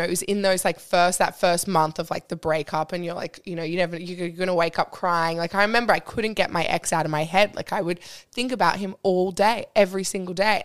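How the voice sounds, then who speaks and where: Giggly young woman telling stories. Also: on the low side. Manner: bubbly, giggly storytelling, full of "like". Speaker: podcast guest. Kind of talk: casual chat.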